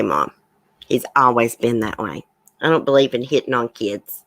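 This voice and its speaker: A woman's voice: very deep voice, no echo. A woman hosting a true crime commentary livestream, reading news items aloud and giving blunt opinions to her chat viewers. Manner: reads news aloud, then gives blunt outspoken opinions. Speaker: livestream host.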